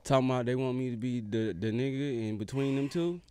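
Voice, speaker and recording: A man's voice: mid-range voice, fairly even intonation, brisk, darkish tone, smooth. A man, a guest on a podcast, talking in laid-back, joking casual chat.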